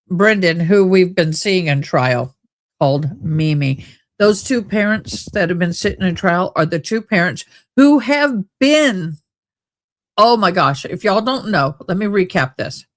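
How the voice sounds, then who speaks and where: A woman hosting a live stream, reading letters aloud and giving casual commentary in a loose, chatty way with drawn-out exclamations. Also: on the low side.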